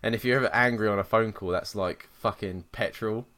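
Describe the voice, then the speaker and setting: Male podcast co-host, lowish voice, sweary animated storyteller. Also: a little fast. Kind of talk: casual chat.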